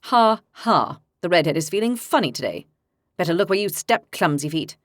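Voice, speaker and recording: A woman's voice: on the low side, expressive, moderate pace, no room sound, clean studio sound. A woman voicing a cocky mocking young warrior. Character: brash boastful young male warrior.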